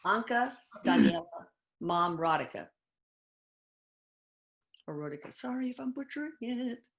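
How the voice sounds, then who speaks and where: A woman hosting a casual live question-and-answer session, reading audience questions aloud with hesitant pauses and plenty of fillers. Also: fairly high pitch, animated. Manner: hesitant, many fillers, reads names haltingly.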